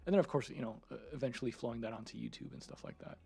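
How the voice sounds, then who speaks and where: A man's voice: medium pitch, rapid-fire, creaky, dark tone, breathy edge. A man streamer in casual live chat, rambling freely, laughing often and swearing. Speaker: streamer and 3D content creator.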